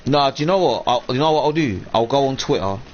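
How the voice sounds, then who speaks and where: A man with a mid-range, lively voice talks fast as he vents at length on a live stream, rambling, swearing, and quoting people in a raised voice. It's a casual rant, captured in dull lo-fi stream audio with a faint room hum.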